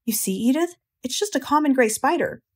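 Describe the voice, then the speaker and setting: A woman's voice: sits high, expressive, fairly quick, slightly rough, voice pushed up. A woman voicing an awestruck, earnest male farmer who insists with urgency, in a storybook reading. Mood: solemn, insistent.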